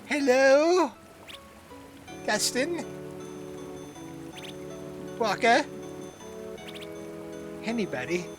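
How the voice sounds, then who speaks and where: A man's voice: extremely high pitch, big pitch swings, extremely slow, pauses often, over music, voice pushed up, heavily acted. A man voicing a frightened young prince in a video game, calling out anxiously and pleading.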